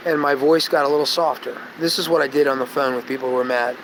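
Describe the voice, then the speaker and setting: A man chatting on a live stream, telling rambling stories and losing his train of thought, sometimes going soft and gentle. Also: mid-range voice, quick pace, slight background noise, rough recording. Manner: tangential, storytelling, loses his train of thought; gentle, soft-spoken when calming people. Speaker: vlogger.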